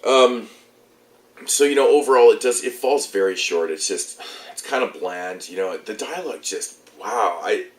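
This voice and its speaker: A man's voice: fairly low pitch, lively intonation, normal speed, roomy sound. A young man with a stuffed-up, congested voice, casually rambling through a movie review with loose, swearing chat.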